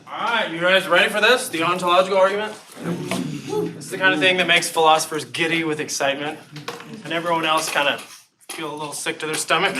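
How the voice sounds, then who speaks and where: A man's voice: on the high side, a little fast. A man giving a live philosophy lecture to students, joking and asking the audience questions. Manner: jokey, engaging, asks the audience questions. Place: lecture room. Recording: distant mic with faint noise.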